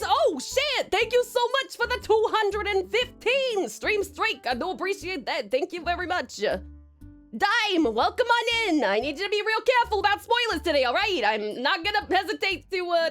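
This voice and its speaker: A woman's voice: extremely high pitch, a bit bright. A woman from Tasmania, Australia, streaming and greeting her chat in a put-on old-time American mobster accent, playful and calling people darling and doll. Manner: playful, calls chatters darling and doll, laughs often.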